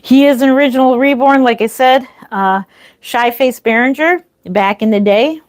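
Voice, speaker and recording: A woman's voice: high-pitched, normal speed. A middle-aged woman chatting casually on a livestream from her home, rambling with restarts and small laughs. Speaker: reborn doll artist hosting a livestream. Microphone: phone or camera mic, walks away at times.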